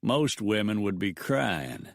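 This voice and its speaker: A man's voice: on the low side, sing-song, slow, creaky, dry recording, studio quality, heavily acted. A man voicing a crude, leering outlaw with a lazy, coarse drawl. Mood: mocking.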